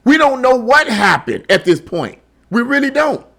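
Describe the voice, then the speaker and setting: A man's voice: very high-pitched, very animated, normal speed, gravelly, sharp tone. A man giving a heated commentary monologue on a news article. He stumbles over repeated words and keeps firing off rhetorical questions. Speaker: online political commentator.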